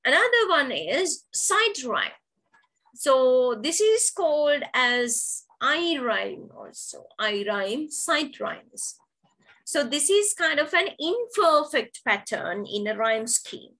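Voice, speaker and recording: A woman's voice: high-pitched, sing-song, takes it slowly, bright, forceful tone, poor audio. A woman teacher giving an online poetry lesson, explaining terms step by step and repeating key words. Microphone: video call.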